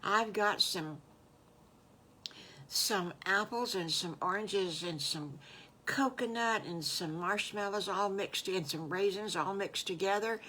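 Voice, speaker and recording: A woman's voice: medium pitch, slow pace, pushed and bright, slight background noise. An older woman voicing a cheerful, homey mother pig who invites a child in for food. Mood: inviting.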